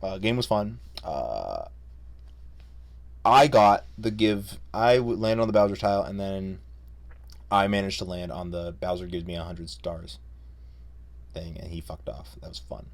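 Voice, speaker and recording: A man's voice: low-pitched, measured pace, vocal fry, long pauses. A young man casually ranking games he played, profane, rambling and jokey, unscripted. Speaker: video creator. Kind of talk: unscripted casual game rundown.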